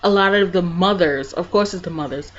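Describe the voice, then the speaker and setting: A woman vlogging about her own life, shifting between calm, soft reflection and animated retelling of scenes. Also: fairly low pitch, a little fast, highs cut off. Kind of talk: personal storytelling vlog.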